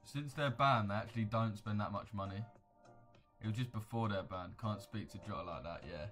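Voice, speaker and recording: A man's voice: lowish voice, fairly quick, a bit bright, soft background music. A young man, chatting casually on a livestream and answering viewers with blunt, slangy banter. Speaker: livestream host. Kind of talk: casual livestream chat reacting to viewer comments.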